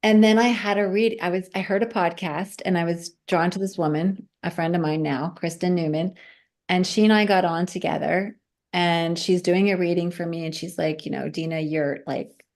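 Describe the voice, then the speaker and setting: Woman telling a story, animated. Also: on the low side, normal speed. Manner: animated, acts out quoted voices. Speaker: guest. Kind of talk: casual storytelling.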